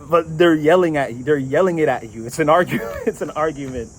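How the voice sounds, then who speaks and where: A man's voice: on the high side, brisk, slight background noise, rough recording. Chatty man giving a tarot reading. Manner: chatty, laughs often, swears casually. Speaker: tarot reader.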